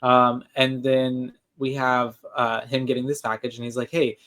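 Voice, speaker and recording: Man, podcast co-host, casual rambling film recap, mid pitch. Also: level tone, normal speed, fairly bright tone. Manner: rambling, many fillers and restarts. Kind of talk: casual movie recap chat.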